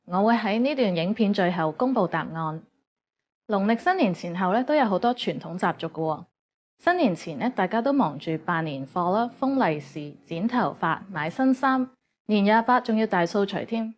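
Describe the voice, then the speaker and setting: Woman for scripted lesson narration. Even and measured, voice in the middle range. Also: medium pitch.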